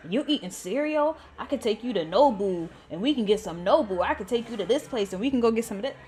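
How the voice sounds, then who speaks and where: A woman's voice: on the high side, expressive, quick pace, darkish tone, close to an everyday voice. A woman voicing a pushy, boastful man who poses as a music producer and laughs off his own creepy joke.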